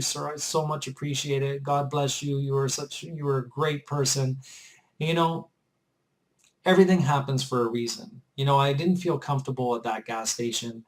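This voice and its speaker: A man's voice: medium pitch, rough recording. A man vlogging, earnestly telling a personal story in a chatty, repetitive way. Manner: earnest and chatty, often repeats himself. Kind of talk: casual storytelling to camera.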